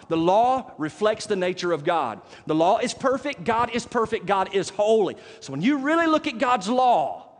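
Male pastor, thirties, animated sermon with near-shouts, long hall reverb. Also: high-pitched. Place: church sanctuary.

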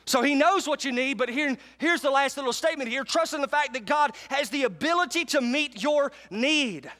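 High-voiced pastor preaching. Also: male voice, normal speed, bright, forceful tone. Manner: emphatic, calls out to congregation for responses. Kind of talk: sermon. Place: church sanctuary with live congregation.

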